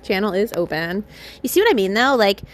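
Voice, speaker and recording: A woman's voice: medium pitch, big pitch swings, fairly quick. A woman hosting a spiritual podcast, delivering an impassioned monologue full of pointed rhetorical questions and blunt, casual swearing. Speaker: podcast host.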